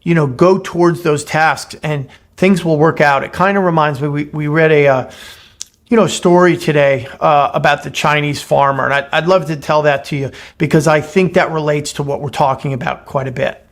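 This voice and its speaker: A man's voice: a little high, steady tone, normal speed. A man co-hosting a podcast, talking earnestly in casual chat, often repeating words as he starts a sentence, and retelling a short fable. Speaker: podcast co-host.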